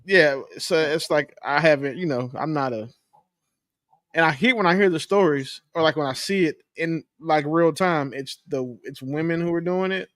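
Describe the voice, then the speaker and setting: Casting: man co-host, slightly high voice, dry close sound, thoughtful and halting. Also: fairly bright tone, no echo. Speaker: podcast co-host. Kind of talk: casual podcast chat.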